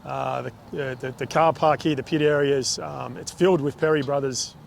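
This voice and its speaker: A man's voice: mid-range voice, fairly even intonation, normal speed, gravelly, a little hiss or hum. An Australian man interviewing drivers in the pits at a speedway, matey and chatty, teasing his guests. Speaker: trackside interviewer. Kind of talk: casual pit-side interview.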